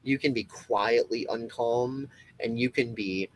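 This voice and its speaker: A man's voice: mid-range voice, measured pace, rough recording. A man hosting his own web show, delivering an impassioned, profane rant straight to his viewers with emphatic repetition and frequent restarts. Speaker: comedy web show host. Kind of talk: impassioned solo rant to camera.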